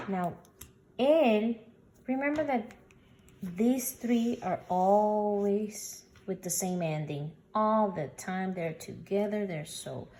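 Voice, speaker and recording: Woman Spanish teacher, unhurried recorded lesson, patient, spells out each example word. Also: medium pitch, a little mellow, slight background noise. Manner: slow, patient explaining, sounding out example words.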